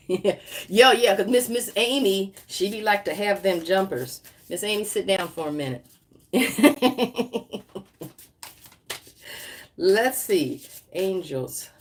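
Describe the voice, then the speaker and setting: A woman talks slowly and easily to her livestream viewers, laughing often as she rambles through spiritual musings and oracle cards. Her voice sits at an ordinary middle pitch, and she trails off and restarts her sentences in a casual way. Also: expressive, slight background noise. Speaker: psychic livestream host. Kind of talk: casual livestream talk with card reading.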